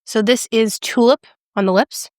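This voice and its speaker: A bubbly, excitable woman chatting through a makeup review and demo, gushing over each shade. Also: a little high, moderate pace, no room sound, clean studio sound. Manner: drops to a whisper when excited. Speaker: beauty vlogger. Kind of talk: casual product review and demo.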